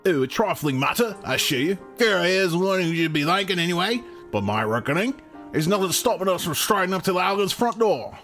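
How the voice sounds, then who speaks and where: A man's voice: sits high, lively intonation, fairly quick, fairly bright tone, faint music behind, voice pushed up. Folksy male game character, read by a streamer, put-on accent, casual. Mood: assured. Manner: folksy old-fashioned phrasing.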